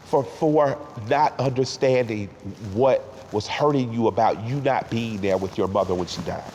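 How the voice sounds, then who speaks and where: Speaking at normal speed in a medium-pitched, slightly mellow voice, this rapper in his forties reflects sincerely in an interview. Emotion makes him trip over repeated words, and at times tears creep in. The audio has a big-room sound and a faint hiss.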